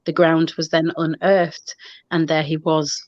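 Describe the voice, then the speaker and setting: A woman's voice: low voice, level tone, a little slow, a little mellow, no room sound, muffled recording. A woman, casually telling a local story over a video call, rambling with restarts and fillers. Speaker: paranormal investigator and show co-host. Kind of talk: casual storytelling on a live online show.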